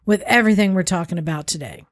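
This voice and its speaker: A woman's voice: fairly low pitch, fast, no room sound. A woman co-hosting a casual motorcycle podcast, telling a rambling story full of repeated phrases. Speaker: podcast co-host. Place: garage studio.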